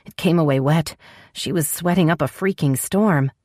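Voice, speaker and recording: A woman narrating an audiobook romance in a measured storytelling voice. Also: sits low, a little mellow, no echo, clean studio sound.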